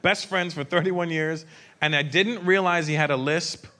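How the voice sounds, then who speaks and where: A male stand-up comedian performing a brash, profane set and acting out characters in quick quoted voices, live on stage. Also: on the high side, fairly even intonation, bright, forceful tone. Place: large theater with a live audience. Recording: live stage recording with crowd noise. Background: audience laughter.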